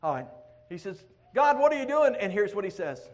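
A middle-aged male preacher with a very high voice, delivering an animated sermon. He swings from loud, pleading acted-out prayers to low, hushed asides. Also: a little fast.

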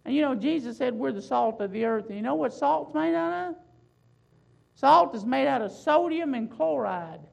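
A woman preaching a sermon, building emphasis with loud swells and slow, drawn-out phrases. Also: high voice, animated, gravelly, rough recording.

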